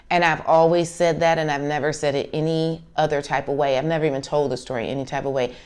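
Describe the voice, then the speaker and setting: A woman's voice: low voice, clear, resonant tone. A woman, telling a personal story casually and earnestly, acting out remembered dialogue on her craft channel. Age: 40s.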